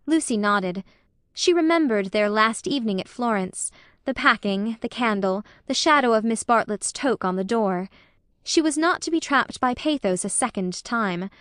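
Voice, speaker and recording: A woman reads a classic novel aloud in a measured, expressive voice that sits a little high. The recording is dry and close, with no room sound. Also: smooth, dry recording. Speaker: audiobook narrator. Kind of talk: scripted narration of a classic novel.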